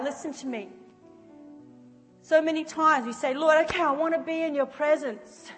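A woman preaching an animated sermon that swings from shouting to soft, quiet speech. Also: high voice, moderate pace, long pauses, in a large hall, soft background music. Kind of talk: lively sermon with acted-out prayers.

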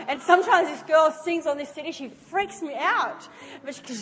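A woman preaching an animated sermon that swings from shouting to soft, quiet speech. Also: high-pitched, fairly quick, long reverb tail. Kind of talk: lively sermon with acted-out prayers.

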